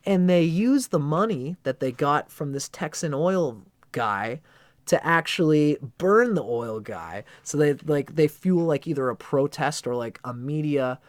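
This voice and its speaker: A man's voice: on the high side, animated, measured pace, no echo. A man hosting an astrology livestream, talking casually and rambling, with casual swearing. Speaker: astrology channel host.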